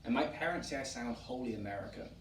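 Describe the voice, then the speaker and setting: A man from England hosting a relaxed chat, explaining at length with frequent ums. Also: mid-range voice, fast. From England (Wiltshire). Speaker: museum director and host. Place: historic tavern room, indoors. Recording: roomy, distant mic, faint background noise.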